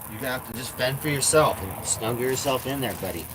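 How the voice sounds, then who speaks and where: A man's voice: mid-range voice, quick pace, noisy background. A man live-streaming from inside an RV, rambling in casual chat, swearing a lot and repeating himself.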